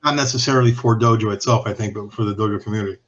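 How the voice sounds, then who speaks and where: A man's voice: lowish voice, rapid-fire, a bit bright, highs cut off. A man guesting on a podcast, telling cigar-industry stories in a candid, profane, rambling way that often restarts and trails off. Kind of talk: casual anecdotal storytelling.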